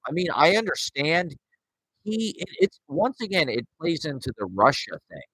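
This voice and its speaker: A man's voice: fairly high pitch, sing-song, moderate pace, fairly bright tone, husky, dry recording, rough recording. A man in his forties rambling and ranting sarcastically and profanely as he hosts his show solo. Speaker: podcast host. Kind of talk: solo casual rant.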